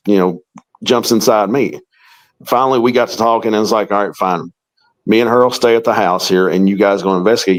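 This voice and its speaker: A man's voice: on the low side, poor audio. A middle-aged man, a paranormal investigator, telling a long story in an interview and acting out the quoted dialogue.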